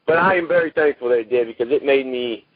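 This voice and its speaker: A man's voice: mid-range voice, quick pace, dry recording. A man, talking about his life as an actor guest in a rambling, folksy way, full of "you know". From Texas. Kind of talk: casual interview talk. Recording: tinny phone line.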